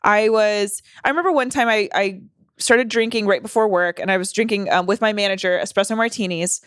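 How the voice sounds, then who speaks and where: A woman's voice: mid-range voice, fairly quick, fairly bright tone, clear, resonant tone, dry recording, clean studio sound. A young woman co-hosting a podcast, chatting candidly and swearing often. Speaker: podcast co-host. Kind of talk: casual chat.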